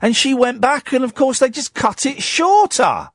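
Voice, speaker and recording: A man's voice: extremely high pitch, normal speed, dry recording. A man hosting a radio phone-in, chatting casually and animatedly into a studio microphone. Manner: animated, chatty, laughs at his own stories.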